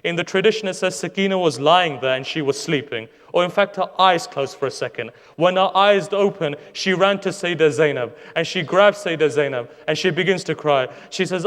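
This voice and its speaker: A man's voice: fairly high pitch, brisk, hardly any pauses, fairly bright tone. A man preaching a sermon, telling a sorrowful story with impassioned rhetorical questions to his audience. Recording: long hall reverb.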